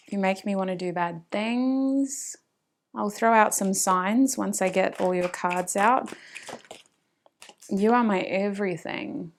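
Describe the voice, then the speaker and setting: A woman's voice: medium pitch, vocal fry, slight background noise. A woman with an Australian accent giving a casual tarot reading, chatting to spirit and to her viewers and often laughing. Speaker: tarot reader.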